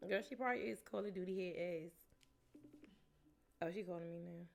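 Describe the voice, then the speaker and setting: A woman co-hosts a podcast in a casual chat, talking briskly in a lowish voice with vocal fry. She is candid, swears freely and laughs often.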